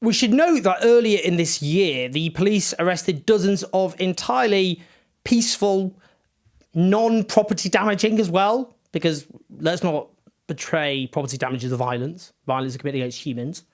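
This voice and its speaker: Indignant man, rapid commentary. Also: sits high. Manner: indignant, forceful, rapid, sarcastic asides. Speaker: political commentator. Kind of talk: impassioned political commentary to camera.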